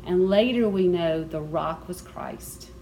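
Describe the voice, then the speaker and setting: A woman's voice: on the low side, takes it slowly, dark tone, a little hiss or hum, low-quality recording. A woman teaching a Bible study group, talking conversationally and sharing personal asides.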